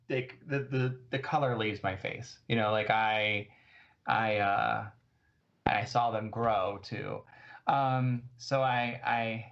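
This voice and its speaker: A man's voice: medium pitch, fairly bright tone, highs cut off. A man playing a tabletop game, talking hesitantly with many restarts. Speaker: player. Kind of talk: casual tabletop game play.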